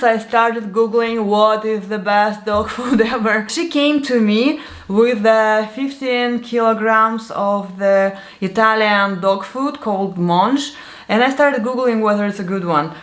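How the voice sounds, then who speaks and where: A woman from Siberia, chatting candidly about products she liked in a casual vlog. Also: a little high. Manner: chatty, candid, laughs often. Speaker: vlogger. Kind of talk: casual product review chat. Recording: echoey room.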